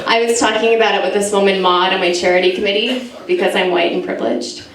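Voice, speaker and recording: A woman's voice: mid-range voice, fairly even intonation, quick pace, distant mic, very noisy. An American woman in her thirties performing a chatty, self-mocking stand-up set in front of a live audience. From United States. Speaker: stand-up comedian. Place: live comedy venue with audience. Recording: echoey room, mic heard from afar, crowd laughter.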